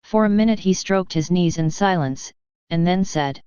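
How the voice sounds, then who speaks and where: Woman, audiobook narrator, steady even reading, lowish voice, dull lo-fi sound. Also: moderate pace, clean tone, no echo. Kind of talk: scripted narration.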